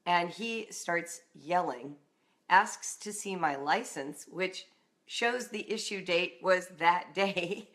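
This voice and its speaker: Taking it slowly, a middle-aged Southern Californian woman who coaches writing and homeschooling shares a personal story in a slightly low voice. She remains animated, performing the voices of the characters she describes.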